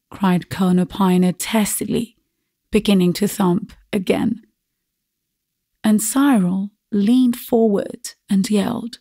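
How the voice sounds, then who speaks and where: Slow, gravelly woman reading a classic. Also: medium pitch, fairly even intonation, a little mellow, dry recording, clean studio sound. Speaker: audiobook narrator. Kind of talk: scripted narration.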